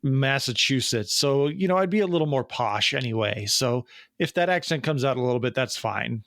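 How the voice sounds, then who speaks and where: A man's voice: medium pitch, expressive, moderate pace, vocal fry, fairly bright tone, no echo, studio quality. Man playing a flustered posh Englishman, stammering and self-justifying. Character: posh British man trying not to sound British.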